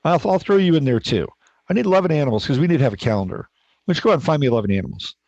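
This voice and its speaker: A man's voice: fairly high pitch, animated, very fast, darkish tone, no echo. A man doing a commanding Buddha figure. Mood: decreeing. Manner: matter-of-fact, decreeing. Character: calm commanding male Buddha, ancient ruler. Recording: dull lo-fi, dry sound.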